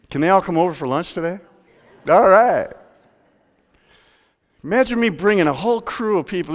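A man pastor preaching a sermon in a church, telling the story with lively rhetorical questions. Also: on the high side, in a large hall.

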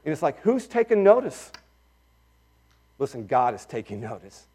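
A middle-aged pastor preaching a sermon, swinging between loud emphatic lines and quiet asides. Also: male voice, mid-range voice, big pitch swings, normal speed.

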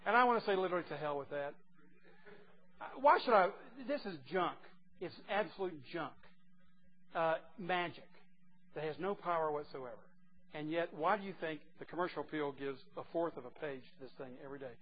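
A man preaching a sermon, emphatic and teasing, swinging from quiet asides to loud declarations. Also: a little high, brisk. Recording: dull lo-fi recording with faint noise.

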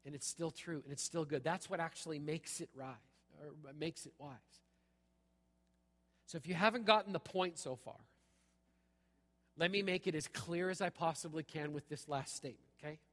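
Middle-aged male pastor, bright high-set voice, punchy conversational preaching, live church sound with long reverb. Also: moderate pace, long pauses. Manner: punchy, repeats "okay?" often. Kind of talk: sermon. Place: church sanctuary.

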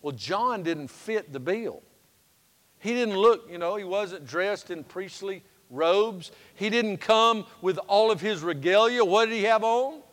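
A man preaching a sermon as pastor, folksy and humorous, moving between loud and hushed passages. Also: sits high, slow pace. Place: church sanctuary. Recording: long reverb of a church sanctuary.

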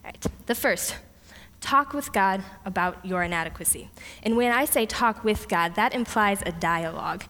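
A woman preaching a lively sermon, retelling a story with playful voices for the characters. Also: medium pitch, normal speed. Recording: long hall reverb.

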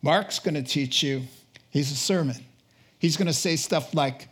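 A man preaching a sermon, animated and emphatic, repeating key phrases for effect. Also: medium pitch, normal speed, husky.

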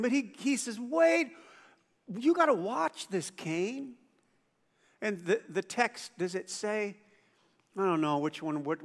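A man's voice: high voice, sharp tone. A man preaching a sermon as pastor, talking conversationally, asking the congregation questions and acting out quoted voices. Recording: church hall with long reverb.

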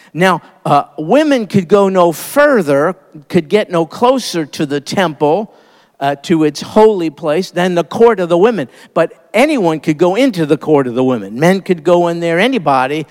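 A man's voice: a little high, big-room sound. A man preaching a sermon, emphatic and repeating key phrases for effect.

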